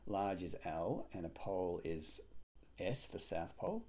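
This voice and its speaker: A man solving a cryptic crossword aloud, musing and hesitant, with frequent pauses and fillers. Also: low voice, big pitch swings, warm tone. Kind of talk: thinking aloud while solving.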